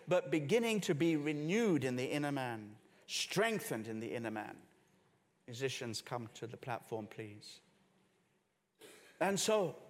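A man preaching a sermon, swinging between hushed low passages and raised emphatic ones. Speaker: pastor. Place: church hall with congregation and musicians. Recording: long reverb of a church hall.

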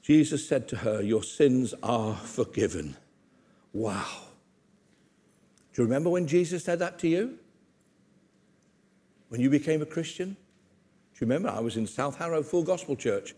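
A man's voice: a little high, animated, moderate pace, pauses often, warm tone, slightly rough. An older man preaching a sermon, acting out Bible scenes with humor and asides to the congregation.

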